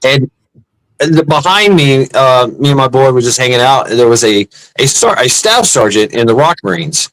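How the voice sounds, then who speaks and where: A former Marine chatting casually, telling a story with lots of fillers and restarts. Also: male voice, mid-range voice, expressive, a bit bright, dry recording, low-quality recording. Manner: halting, many restarts and "uh" fillers. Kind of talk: casual chat, telling war stories.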